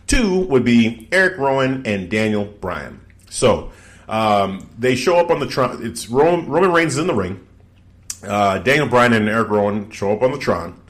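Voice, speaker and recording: A man hosting a casual podcast, recapping events in an animated storytelling way and acting out the quotes. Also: mid-range voice, moderate pace. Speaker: podcast host recapping wrestling. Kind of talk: casual chat.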